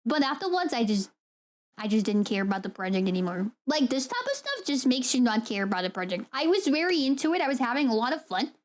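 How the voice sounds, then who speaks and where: A young woman streamer chatting casually with her viewers, telling an animated, ranting story and laughing often. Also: on the high side, quick pace. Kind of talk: casual live-stream chat.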